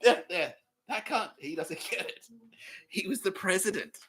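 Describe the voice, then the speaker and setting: Aussie guy rambling on his podcast, swears a lot, laughs mid-sentence, bright voice jumping all over. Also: high-pitched, lively intonation, moderate pace, a little hiss or hum, poor audio. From Australia. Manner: laughs often, swears, acts out quoted exchanges. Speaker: podcast host. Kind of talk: rambling comedic monologue.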